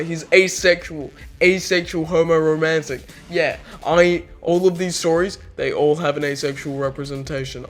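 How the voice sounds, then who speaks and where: A man giving a rambling, jokey voice-over commentary as he narrates his drawing video, often cutting himself off mid-sentence. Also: a little high. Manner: rambling, jokey, self-interrupting. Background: faint background music.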